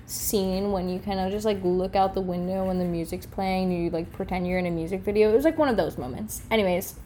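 A woman's voice: medium pitch, quick pace, warm tone, a little hiss or hum. A young woman vlogger telling stories casually, swearing freely and venting with exasperation. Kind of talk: casual storytelling.

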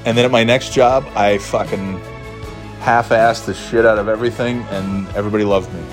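A man's voice: fairly low pitch, steady tone, brisk, over music. A man telling comic stories about himself in a rambling, profane, self-mocking way. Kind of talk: comedic storytelling monologue.

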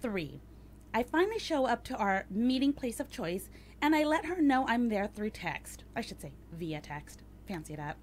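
A woman's voice: a little high, very animated, moderate pace, slight background noise. A woman hosting a casual chat, reading a date review aloud and teasing her cohost with crude jokes. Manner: teasing, profane, joking. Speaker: podcast host.

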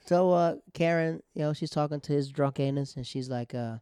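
A man's voice: a little high, moderate pace, hardly any pauses, warm tone, clear, resonant tone, no echo, clean studio sound. A man casually recapping a TV episode in loose slang, joking about the writers as he goes. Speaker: TV show recapper.

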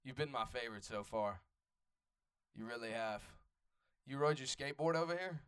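A young man from Atlanta, USA, with a Southern Atlanta accent does stand-up crowd work on a comedy club stage, loose and profane as he riffs with the audience. His voice is medium-pitched, a bit bright and clean, at a normal speed.

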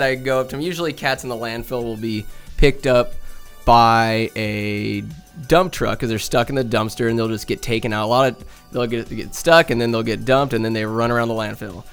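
A man's voice: medium pitch, fairly even intonation, moderate pace, creaky, smooth, faint music behind. A young man from Northern California telling rambling, chatty cat stories at home, swearing and laughing along the way. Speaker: vlogger. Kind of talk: casual rambling storytelling. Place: home room with a bookcase.

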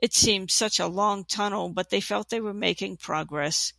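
A narrator reads a fantasy tale aloud at an even pace. The voice is heavily gravelly with a bright, forward edge. The sound is dry and close. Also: medium pitch, normal speed, no echo. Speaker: audiobook narrator. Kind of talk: storybook reading.

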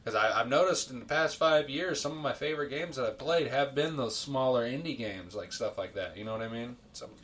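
A man's voice: medium pitch, fairly quick, few pauses, a bit bright. A man co-hosting a podcast in casual gaming chat, swearing freely, laughing often and telling stories with animation. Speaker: podcast co-host.

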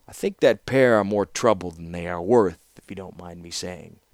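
A man's voice: low-pitched, normal speed, no echo, clean studio sound. A man playing a grumbling wagon master. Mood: complaining. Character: gruff grumbling male wagon master, pushy.

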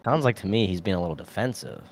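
A young man co-hosting a podcast, telling crude stories in a deadpan way during casual banter. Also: deep voice, quick pace, husky, dry recording. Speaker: podcast co-host.

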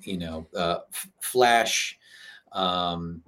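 A man's voice: low voice, very slow, sharp tone. A man co-hosting a casual movie podcast, playful and teasing, laughing often. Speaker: podcast co-host.

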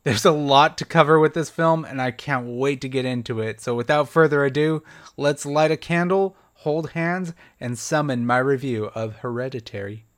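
A man's voice: medium pitch, moderate pace. A young man hosting a solo podcast, reviewing a horror film in a casual, chatty, self-deprecating way with light laughs.

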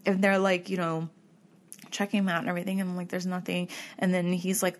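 A woman's voice: fairly low pitch, quick pace. A woman in casual conversation, telling a story animatedly and acting out what people said, with many fillers. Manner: animated, acts out quoted people, frequent likes. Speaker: podcast co-host.

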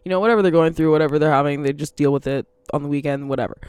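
A woman's voice: low-pitched, rapid-fire, darkish tone, clean tone, no room sound. A woman talking casually in a monologue, rambling, laughing often and swearing freely.

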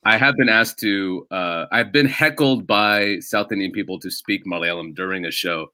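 A man with a low-set but bright, forceful voice, chatting casually on a podcast as a comedian. He tells long stories, often breaks off and starts again, and sounds close and dry with no room around him. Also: moderate pace, no echo. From United States. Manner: rambling, self-interrupting storyteller. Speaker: stand-up comedian guest.

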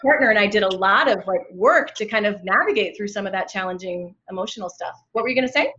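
A woman's voice: medium pitch, expressive, quick pace, bright, forceful tone, a little hiss or hum. Woman around 50, coach, rambly and open, lots of likes, dull muffled audio. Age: 50s. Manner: chatty, many likes and ums, open and reflective. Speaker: relationship coach guest. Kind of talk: casual podcast conversation. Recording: dull lo-fi sound.

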